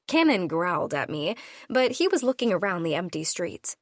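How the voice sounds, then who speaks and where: A woman narrating a first-person audiobook into a studio microphone, playful and expressive in her delivery. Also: on the low side, normal speed, dry recording.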